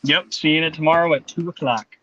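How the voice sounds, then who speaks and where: A man's voice: a little high, fairly even intonation, brisk, sharp tone, lo-fi sound, slight background noise. A young man calling in from a campsite, chatting easily, swearing casually and laughing at his own jokes. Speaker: guest on a call. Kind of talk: casual chat. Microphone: online call.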